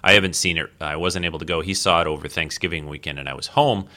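A man's voice: low voice, steady tone, fast, pushed and bright. A man hosting a podcast alone, talking casually and rambling with fillers and restarts. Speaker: podcast host. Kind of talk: casual solo podcast talk.

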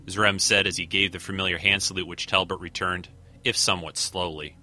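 A man reading a fan science fiction story aloud in steady narration. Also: deep voice, fairly quick, soft background music. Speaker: reader.

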